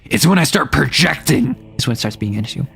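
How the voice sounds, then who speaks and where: A young adult non-binary streamer chatting casually and rambling, often sliding between higher and lower voice registers. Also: sing-song, fairly quick, a bit bright. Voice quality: some gravel in the voice. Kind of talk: casual live-stream chat.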